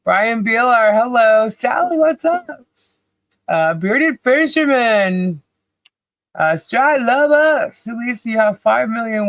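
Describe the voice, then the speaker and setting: Unhurried cheerful livestream co-host. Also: mid-range voice, a bit bright, no room sound. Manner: cheerful, laughs often, calls out names. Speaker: podcast co-host. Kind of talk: casual livestream chat, greeting viewers.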